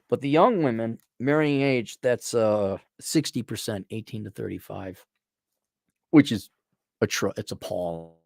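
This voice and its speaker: A man hosting a casual livestream, reading viewer donations aloud and answering them in a blunt, sardonic way, often mocking people in a put-on high voice. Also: darkish tone, no echo, studio quality.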